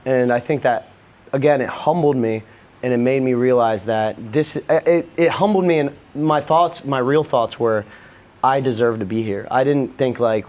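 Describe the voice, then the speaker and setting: A man's voice: mid-range voice, a little mellow. A young man on a podcast, candidly telling a personal story in a loose, rambling way, peppered with swearing. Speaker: podcast guest.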